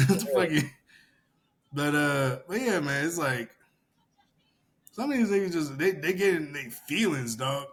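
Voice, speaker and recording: A man casually chatting on a podcast, animated, laughing often and swearing freely. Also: a little slow, pauses often. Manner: animated, mimics commenters in loud high-pitched yelling. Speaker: podcast co-host.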